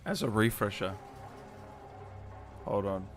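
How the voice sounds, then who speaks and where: A man's voice: on the low side, slow pace, soft background music. Laid-back Australian man hosting a stream. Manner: laid-back, reads viewer comments aloud and answers them. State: tired, just woke up. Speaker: gaming stream host. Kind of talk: casual live-stream chat.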